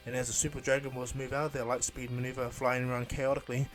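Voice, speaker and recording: A man casually improvising a fan story retelling, rambling and halting with fillers. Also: medium pitch, level tone, soft background music.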